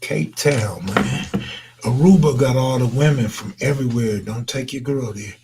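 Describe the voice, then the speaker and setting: A man's voice: mid-range voice, normal speed, a little mellow, a little hiss or hum. A man chatting loosely on a late-night live stream, answering viewers in slangy, laid-back talk that trails into mumbles.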